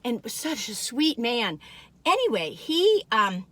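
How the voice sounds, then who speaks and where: A woman's voice: on the high side, sing-song, slow, fairly bright tone. An older woman, chatting casually and rambling to viewers while reviewing food in her car.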